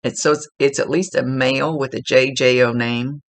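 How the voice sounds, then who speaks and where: A man with a gravelly, creaky edge to his voice talks through a psychic reading in an easygoing, chatty way. He stops to rephrase himself and laughs readily. His pitch sits in an ordinary middle range. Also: fairly even intonation, moderate pace, a bit bright. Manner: chatty, self-correcting, laughs easily. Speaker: psychic medium. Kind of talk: relaxed spoken reading, conversational.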